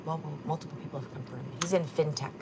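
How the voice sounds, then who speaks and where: A woman's voice: sits low, steady tone, very fast, noisy background. A woman hosting a livestream, chatting casually and gossiping about clips, swearing now and then. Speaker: livestream host.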